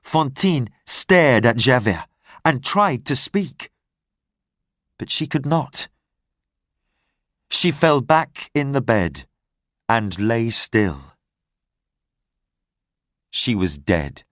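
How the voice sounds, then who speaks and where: A man narrating a simple graded reader story in a clear, careful way. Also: medium pitch, big pitch swings, a bit bright, no echo, studio quality. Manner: slow, clear, carefully paced reading.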